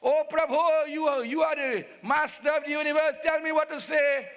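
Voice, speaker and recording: A man's voice: very high voice, steady tone, fairly bright tone, in a large hall. A man voicing a lovesick old king who pleads desperately with his queen. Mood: begging. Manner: pleading, drawn-out endearments.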